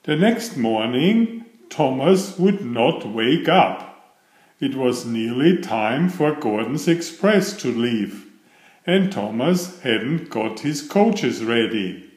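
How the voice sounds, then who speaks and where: A man narrating a children's picture book read-aloud in an unhurried storytelling manner. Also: mid-range voice, big pitch swings, a little mellow. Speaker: storybook reader. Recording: echoey room.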